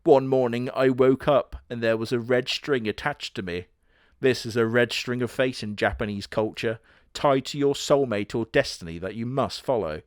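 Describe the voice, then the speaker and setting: Guy doing snarky crude commentary, dry close sound, deadpan. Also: mid-range voice, normal speed, clear, resonant tone, no room sound. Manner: sardonic, crude, deadpan jokes with put-on quote voices. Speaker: host. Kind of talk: comedic commentary narration.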